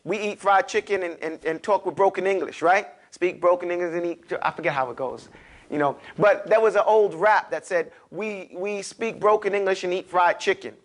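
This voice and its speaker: A man with a New York accent teaching a class, lively and animated, urging his students to repeat after him. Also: high-pitched, normal speed. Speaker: Arabic teacher. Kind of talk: classroom lecture.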